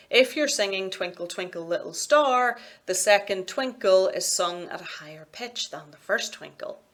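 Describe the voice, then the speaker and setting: A woman with a Scottish accent giving a recorded university lecture, explaining clearly and in a measured way, with sing-song examples. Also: mid-range voice, a bit bright.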